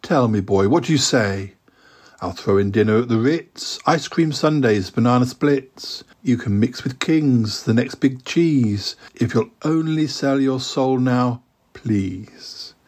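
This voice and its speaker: A man voicing a sinister male spider who tempts a boy in a wheedling, persuasive way, in a husky voice. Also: medium pitch, takes it slowly, a little mellow.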